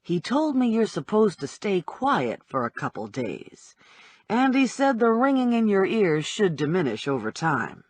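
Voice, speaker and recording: A woman voicing a laid-back male cop who speaks low and quiet with a dry, teasing edge. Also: big pitch swings, measured pace, slightly rough, dry recording.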